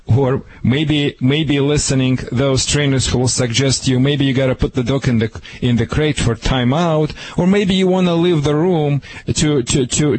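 A man from Russia with a Russian accent, a dog trainer giving animated, punchy advice on a radio show and repeating his key phrases. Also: medium pitch, slight background noise, poor audio. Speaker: dog trainer answering a caller. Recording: radio broadcast.

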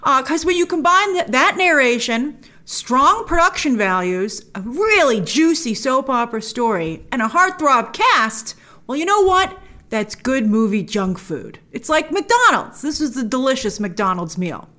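A woman giving a casual film review to camera, chatty and animated, acting out her own reactions. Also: fairly high pitch, measured pace.

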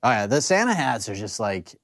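A man gives casual live commentary on a fight, his pitch jumping all over as he gets worked up. He talks in a middle register and shouts advice at the fighters. It is easygoing banter with co-hosts. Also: brisk, crowd noise. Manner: excitable, yells at the fighters. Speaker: co-host of a fight watch party.

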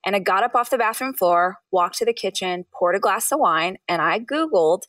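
Animated storytelling woman in her thirties. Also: moderate pace, no room sound, far from the mic. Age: 30s. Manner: animated, acts out quotes with high bursts. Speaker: author and guest. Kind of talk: storytelling interview.

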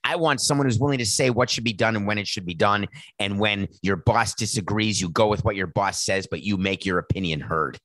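A man's voice: on the low side, brisk, fairly bright tone, no echo. A man hosting sports talk, worked up and sarcastic as he acts out exchanges between team officials. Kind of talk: animated sports commentary monologue.

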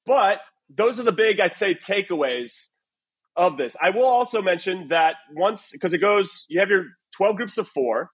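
A male podcast host with a fairly high, husky voice, leading the show in an upbeat, playful way. He banters loosely with his co-hosts and sets up a guessing game. The sound has the feel of a video call. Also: lively intonation, normal speed. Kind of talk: casual soccer podcast chat. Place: away from his usual recording spot.

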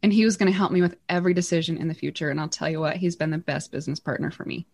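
A woman telling a motivational story, animated, acting out the voices in her quotes with big jumps in pitch. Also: racing, creaky. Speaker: guest speaker.

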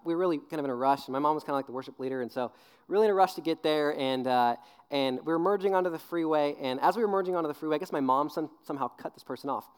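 A man in his twenties preaching a sermon, telling an animated story with acted-out voices, then dropping low and earnest on serious points. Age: 20s. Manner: animated storyteller, acts out voices with big pitch jumps. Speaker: youth pastor.

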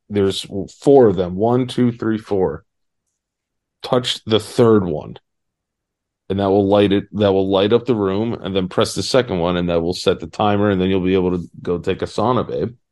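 A man's voice: low voice, measured pace, pauses often, darkish tone. A young man co-hosting a podcast from a cabin, chatting casually in a rambling, laid-back way full of fillers. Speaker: podcast co-host. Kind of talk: casual chat. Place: rented cabin, indoors.

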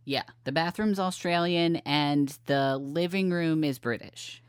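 A woman's voice: low voice, unhurried, clean tone, dry recording. A woman co-hosting a podcast in casual chat, making dry, teasing quips into a shared microphone. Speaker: podcast co-host. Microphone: shared single microphone.

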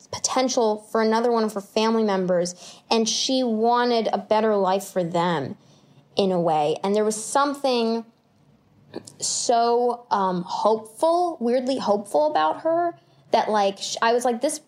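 A woman in her twenties, an actor as an interview guest, telling stories in a chatty, animated way with lots of fillers and laughs. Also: a little high. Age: 20s. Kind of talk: casual conversational storytelling.

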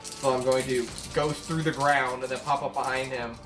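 A man chatting as a player in a tabletop game, lively and often laughing. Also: medium pitch, moderate pace. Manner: animated, laughs often, describes his character's moves. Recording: echoey room, far from mic, faint music.

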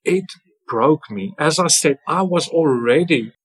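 Husky-voiced man telling a heartfelt story. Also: fairly high pitch, lively intonation, measured pace, rough recording. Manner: earnest, often tags sentences with "right?". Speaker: podcast guest, former farm worker. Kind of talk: emotional first-person storytelling in an interview.

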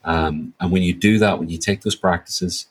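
A man's voice: low-pitched, fairly even intonation, moderate pace, rough recording. A man speaking as an interview guest, reflective and searching for words as he talks. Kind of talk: thoughtful interview answer.

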